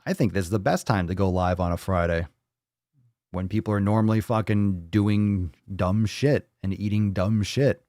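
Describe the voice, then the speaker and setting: A man's voice: fairly low pitch, normal speed, a little mellow, dry recording, studio quality. A man hosting a casual livestream, talking bluntly and rambling, swearing freely as he reads and answers viewer comments. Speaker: livestream host.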